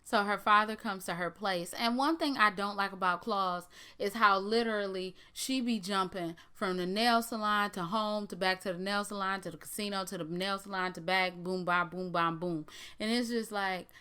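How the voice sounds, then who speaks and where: Smooth-voiced woman, blunt sarcastic recap. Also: mid-range voice, moderate pace, bright, forceful tone. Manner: blunt, sarcastic running commentary. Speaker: TV recap vlogger. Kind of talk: casual TV episode recap.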